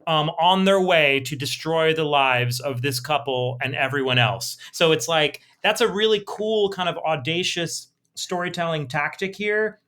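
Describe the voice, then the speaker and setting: A man's voice: fairly high pitch, measured pace, few pauses, fairly bright tone. A man co-hosting a podcast, talking enthusiastically in casual chat and retelling scenes in vivid detail. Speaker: podcast co-host.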